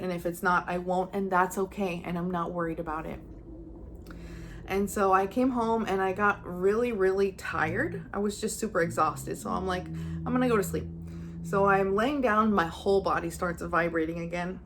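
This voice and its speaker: A woman's voice: on the low side, steady tone, normal speed, slight background noise. A young woman, a psychic medium, earnestly telling a personal story to her viewers and acting out her own thoughts with feeling. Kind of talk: casual personal storytelling to camera.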